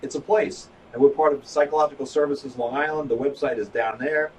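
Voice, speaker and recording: A man's voice: mid-range voice, fairly even intonation, fairly quick, slightly rough. A man, hosting a live broadcast, chatting in a rambling, joking way with restarts. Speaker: host, psychologist. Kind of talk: casual chat on a live broadcast. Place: office. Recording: from far off, faint noise.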